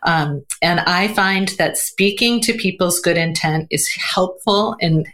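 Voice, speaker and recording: Woman guest on a podcast, slightly low voice, animated and chatty, lots of fillers. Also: a little slow. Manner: animated, acts out quoted voices, laughs often; frequent fillers like "um" and "you know". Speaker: guest, communication coach. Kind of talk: podcast interview conversation.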